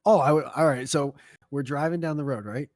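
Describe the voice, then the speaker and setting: A man's voice: on the high side, a little fast, a little mellow, no room sound, studio quality. A man co-hosting a casual podcast, telling a long rambling story with plenty of swearing. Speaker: podcast co-host.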